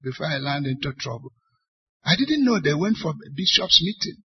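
Husky Nigerian bishop preaching emphatically. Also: male voice, a little high, very animated, moderate pace. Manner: emphatic preaching with rhetorical questions; bursts into loud, forceful stresses. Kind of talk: sermon to church leaders. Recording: dull lo-fi church recording.

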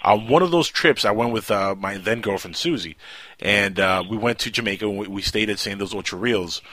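A man hosting a radio show, chatty storyteller who drops his voice low for asides. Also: fairly quick, sharp tone, no echo. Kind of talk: casual radio chat.

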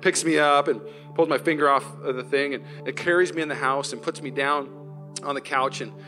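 A male pastor preaching a live sermon in a church, telling a personal story in an animated way and acting out the scenes. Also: fairly high pitch, fairly quick, over music. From Washington state, US. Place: church sanctuary, live service.

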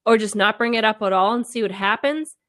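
A woman's voice: mid-range voice, a little fast, fairly bright tone. A woman co-hosting a podcast in casual chat, reading out a listener letter and talking it over with lots of fillers. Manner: reads listener letters, chatty with many fillers. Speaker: podcast co-host.

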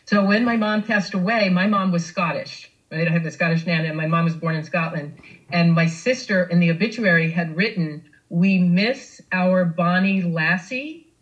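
A woman in casual podcast conversation, cutting in briskly to add details. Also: fairly low pitch, lo-fi sound.

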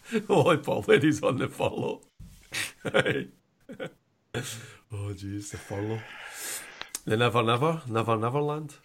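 A man's voice: mid-range voice, expressive, slow, long pauses. A man co-hosting a podcast, joking and ranting in casual chat with lots of laughter. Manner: jokey, ranting, laughs a lot. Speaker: podcast co-host.

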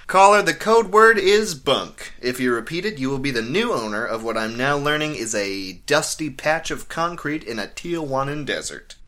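Man, showy radio host, bright and animated. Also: mid-range voice, moderate pace, hardly any pauses. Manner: showy and theatrical. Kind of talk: comedic radio host bit.

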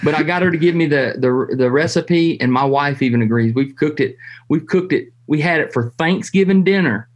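A man, a hunting show host telling stories in a folksy way, with restarts and drawn-out pauses. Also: fairly high pitch. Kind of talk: casual conversation.

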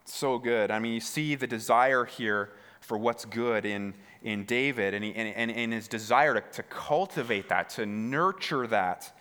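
A man's voice: mid-range voice, sharp tone, in a large hall. A man preaching a sermon to his congregation. He often restarts his words and asks the listeners direct questions. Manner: repeats words, stammering restarts; talks straight to the congregation with questions. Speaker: pastor. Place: church hall.

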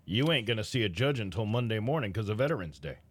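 A man co-hosting a morning radio show, reading news and telling jokes in a jokey, animated way. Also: lowish voice, fast, breathy edge, dry recording. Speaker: radio news reader and co-host. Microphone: studio microphone.

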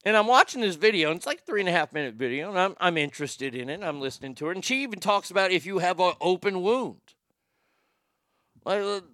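A man's voice: high-pitched, fairly bright tone, dry recording, clean studio sound. A man hosting a show, talking in a folksy, rambling, profane way with many restarts. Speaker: show host. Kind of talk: casual talk-show monologue.

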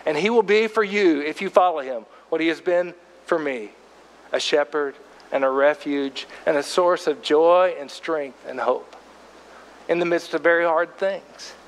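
A man's voice: on the high side, unhurried, big-room sound. Older male pastor, folksy sermon. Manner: folksy storytelling, conversational.

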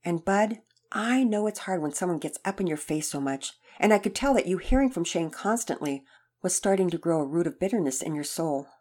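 A woman reading a calm, gentle father. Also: fairly low pitch, a little fast. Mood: kind. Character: gentle patient father teaching his son. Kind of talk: storybook reading.

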